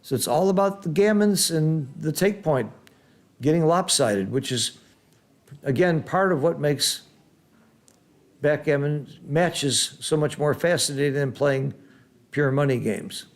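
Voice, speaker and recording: Excitable man commenting on a game. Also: fairly high pitch, measured pace. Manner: excitable, exclaims loudly at big rolls, then explains calmly. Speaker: backgammon commentator and teacher.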